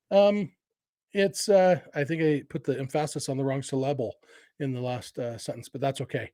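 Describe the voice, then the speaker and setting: A man's voice: a little high, fast, darkish tone, dry recording, studio quality. A middle-aged man hosting a casual sports podcast, thinking aloud with fillers and restarts. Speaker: podcast host.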